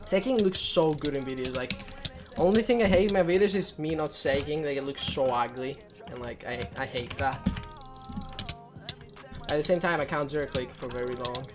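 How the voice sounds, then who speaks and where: A woman's voice: low voice, normal speed, over music. A woman giving live gameplay commentary, talking to herself, getting frustrated and swearing often. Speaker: gamer.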